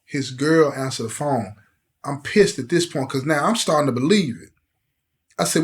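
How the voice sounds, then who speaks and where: Guy middle-aged, intense storytelling, kinda high voice for a man. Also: normal speed. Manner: emotional, intense, acts out quoted voices. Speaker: host telling his life story. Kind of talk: personal storytelling to camera.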